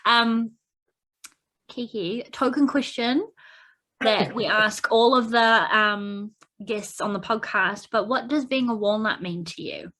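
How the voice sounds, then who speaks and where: A woman's voice: on the high side, unhurried, a bit bright, a little hiss or hum. Gushing, effusive woman podcast host. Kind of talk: casual interview chat. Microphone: video call.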